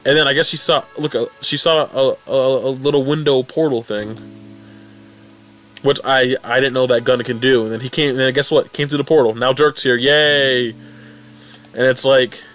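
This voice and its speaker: Rambling, excitable young man recapping. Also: mid-range voice, moderate pace, faint music behind. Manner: rambling, excitable, lots of swearing and restarts. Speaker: fan recap vlogger. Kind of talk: casual recap commentary.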